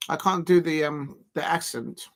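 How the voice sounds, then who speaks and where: Man, football watch-along host, casual rambling chat, somewhat high pitch. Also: steady tone, normal speed, creaky, fairly bright tone. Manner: rambling and chatty, laughing often. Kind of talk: casual live-stream commentary.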